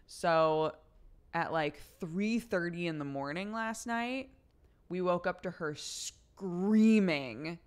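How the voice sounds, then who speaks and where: A woman's voice: on the low side, lively intonation, slow, smooth. A young adult woman livestreamer telling a story in casual chat, swearing freely along the way. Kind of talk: casual chat to a live audience.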